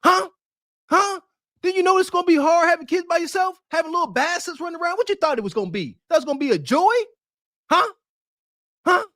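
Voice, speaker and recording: A man hosting a podcast, reacting to clips with mocking, animated commentary. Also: very high voice, rapid-fire, hardly any pauses, dry recording, clean studio sound. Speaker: podcast host.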